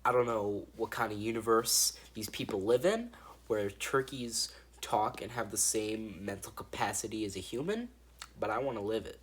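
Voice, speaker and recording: Husky, rambling man reviewing a movie. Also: lowish voice, moderate pace. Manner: rambling and profane, with frequent restarts. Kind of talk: casual spoken movie review.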